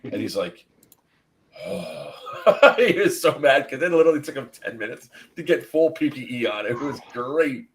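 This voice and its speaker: Dude on a stream, animated, keeps laughing and doing voices in his story. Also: mid-range voice, fairly quick, few pauses. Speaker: podcast host. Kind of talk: casual storytelling on a live stream.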